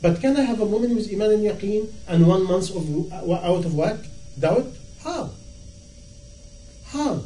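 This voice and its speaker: Impassioned high-voiced preacher in echoey room. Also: male voice, lively intonation, a little slow, long pauses, mellow. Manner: impassioned, rhetorical questions, acts out dialogue. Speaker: Islamic preacher. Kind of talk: sermon. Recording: echoey room, from far off, faint noise.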